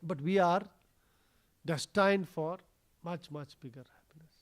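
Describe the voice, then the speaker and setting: A man gives a scripture class at a temple. He tells the story conversationally, often pausing on a "you know" or an "uh". His voice rises and falls as the story builds. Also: on the high side. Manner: storytelling, conversational with many fillers. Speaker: temple speaker. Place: temple hall.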